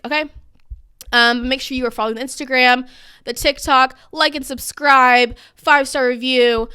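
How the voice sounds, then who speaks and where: A woman's voice: on the high side, pushed and bright, smooth, dry recording, studio quality. A young woman hosting a podcast, chatting casually and with strong opinions, full of "like" and "um". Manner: gossipy, opinionated, lots of "like" and "um". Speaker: podcast host. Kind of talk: casual chat.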